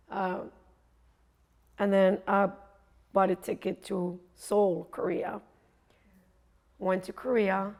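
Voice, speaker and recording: A woman coach tells her story on stage in a loose, conversational way, acting out the lines of the people in it. Her mid-pitched voice carries a steady gravelly fry. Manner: casual, conversational, acts out dialogue. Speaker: coach and speaker. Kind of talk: storytelling motivational talk.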